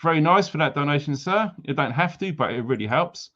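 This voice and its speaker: A man's voice: fairly high pitch, expressive, a little fast, bright, forceful tone, dull audio. A man hosting a casual livestream, greeting viewers with jokey, teasing banter. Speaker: livestream host.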